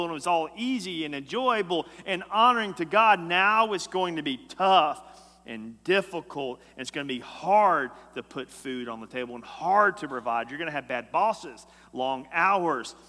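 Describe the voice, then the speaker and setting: Bright-voiced male preacher in a hall. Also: on the high side. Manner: emphatic preacher, swings from loud to hushed. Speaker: pastor. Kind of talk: sermon. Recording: echoey hall.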